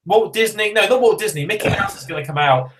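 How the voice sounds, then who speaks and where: A man's voice: high-pitched, fast, rough recording. A man, co-hosting a podcast in a casual, rambling, jokey chat. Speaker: podcast co-host.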